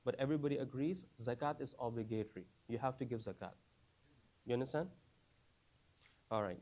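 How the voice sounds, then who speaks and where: This is a man leading a class for new Muslims, his voice medium-pitched and a little mellow. He poses many questions and repeats phrases, leaning often on "right?" and "you understand?".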